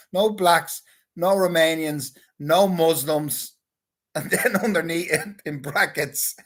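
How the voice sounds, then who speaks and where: A man's voice: fairly high pitch, slow, fairly bright tone. A man in a casual, rambling monologue, talking crudely and swearing often. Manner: crude, profane, rambling banter. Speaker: vlogger.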